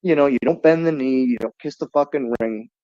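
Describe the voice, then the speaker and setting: A man hosts a call-in stream and rants in a heated, foul-mouthed way. His voice sits at a middling pitch. The sound is dry and slightly dull, like lo-fi stream audio. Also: brisk, warm tone, no echo. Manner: profane, heated ranting. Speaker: livestream host. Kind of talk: casual call-in chat.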